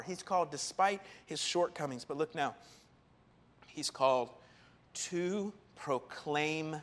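A man preaching a sermon in an animated, emphatic way, often acting out quotes. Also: on the high side. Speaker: pastor.

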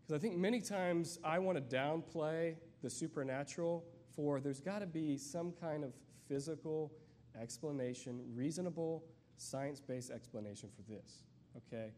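A man giving a sermon as a guest preacher, conversational and searching, with many fillers and restarts, and reading scripture slowly. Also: on the high side, a little mellow, slight background noise.

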